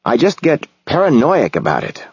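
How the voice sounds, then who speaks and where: A man's voice: mid-range voice, wildly swooping pitch, normal speed, husky, dry recording, pitched above the performer's own voice, full character voice. A male audiobook narrator voicing a puzzled, proud man who owns a motorcycle, defensive and plaintive. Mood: confessional.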